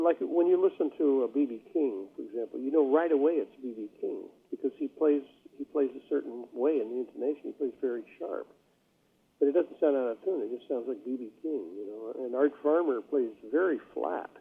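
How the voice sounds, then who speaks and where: An older man, a jazz bassist being interviewed, telling stories in a rambling way with many fillers. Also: vocal fry, slightly rough. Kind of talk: casual interview talk. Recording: phone-like line.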